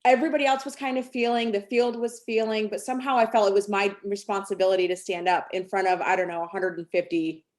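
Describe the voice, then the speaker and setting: A woman's voice: medium pitch, steady tone, quick pace, few pauses. A woman, a sales team director, telling a rambling personal story on a team call, full of fillers and restarts.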